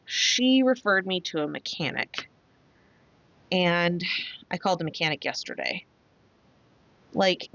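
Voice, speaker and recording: A woman's voice: fairly low pitch, fairly bright tone, dry recording. Craft vlogger lady rambling on, lots of likes and rights, kinda dull dry mic. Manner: chatty, rambling storyteller with many fillers. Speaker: craft channel host. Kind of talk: casual chat while crafting.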